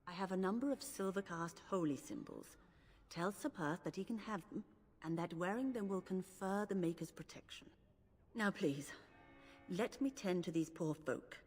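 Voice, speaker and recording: An actress voicing an earnest female healer caring for refugees in a video game, speaking in a calm, dutiful way. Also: on the low side, moderate pace, husky. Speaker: game character. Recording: long hall reverb.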